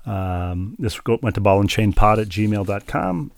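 Low-voiced man with wry banter. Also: expressive, measured pace, no echo. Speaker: podcast co-host. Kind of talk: casual chat.

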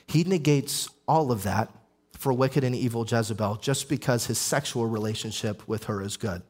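A pastor, a young adult man with a mid-pitched voice, preaches a sermon with emphasis, piling up lists and repeating phrases for weight. He pushes forward quickly, then slows down to drive a point home.

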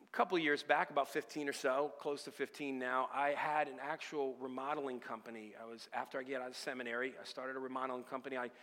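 A man's voice: medium pitch, steady tone, fast, a bit bright, in a large hall. A male pastor telling a personal story in a sermon, talking conversationally and acting out the dialogue. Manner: conversational, retells events with quoted dialogue.

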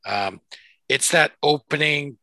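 A man's voice: fairly high pitch, slow pace, sharp tone, no echo. A man co-hosting a casual film podcast, jumping in to steer the talk. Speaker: podcast co-host. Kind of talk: casual chat about films.

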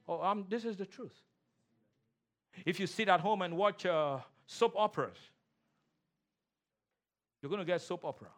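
A man preaching a sermon in a church, leading call-and-response and repeating key lines, swinging between loud shouts and low, quiet emphasis. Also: normal speed, pauses often. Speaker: pastor. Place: church sanctuary.

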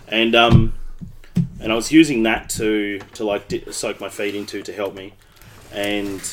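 A fairly low-voiced Australian man co-hosting a laid-back podcast from a couch. He tells long, rambling stories and breaks into laughter often. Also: slight background noise. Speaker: podcast co-host. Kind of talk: casual podcast chat. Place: basement room, seated on couches.

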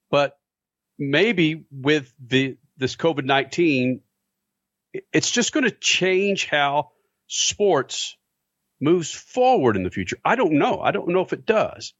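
A man's voice: a little high, a bit bright, dry recording. A male sports radio host talks casually, rambling and restarting his thoughts. The studio sound is dry and close, with slightly dull audio.

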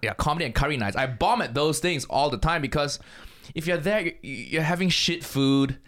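A man's voice: a little high, animated, normal speed, fairly bright tone. A man from Malaysia, a stand-up comedian, telling laid-back stories in casual chat and swearing freely.

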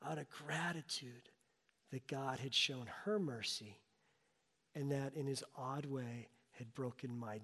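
A man's voice: mid-range voice, a bit bright. Man preaching in an echoing hall. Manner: personal storytelling, emotional, rising and falling intensity. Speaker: pastor. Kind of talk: sermon. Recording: long reverb of a large hall.

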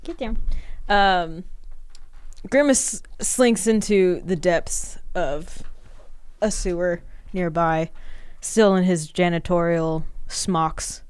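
A woman's voice: on the low side, takes it slowly, clear, resonant tone, dry recording. A woman comedian guesting on a podcast, telling an absurd improvised story with playful, giggly asides.

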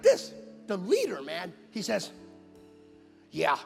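A man preaching a sermon, telling a story with acted-out dialogue and building into shouted passages. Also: very high-pitched, lively intonation, moderate pace. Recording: long hall reverb with faint music.

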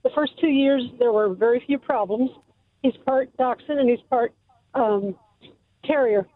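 A woman calling in to a radio show, speaking hesitantly with many pauses and ums. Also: fairly high pitch. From Delaware. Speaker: caller. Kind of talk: call-in radio question. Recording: tinny dry phone line.

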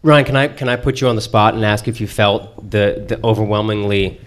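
A man hosting a live book club discussion in a bookstore, talking haltingly with many fillers and restarts. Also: fairly low pitch, fairly even intonation. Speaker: podcast host. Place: bookstore event before a live audience.

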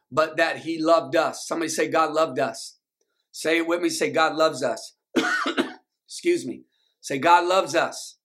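A man's voice: a little high, bright, forceful tone. A male pastor, preaching a sermon and leading the congregation in call-and-response.

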